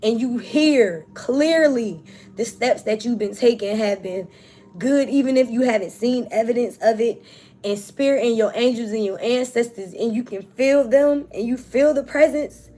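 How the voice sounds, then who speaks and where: A woman's voice: a little high, moderate pace, mellow. A woman giving an emotional spiritual tarot reading, talking casually and emphatically to her viewers. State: tearful, on the verge of crying. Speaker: tarot reader.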